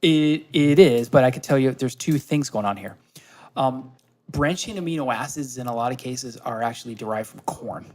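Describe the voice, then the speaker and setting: Speaking at a moderate pace in a mid-range, somewhat dark voice, a Canadian podcast guest talks up his supplement company in a casual, conversational way. He's eager and explanatory, frequently restarting and using many fillers.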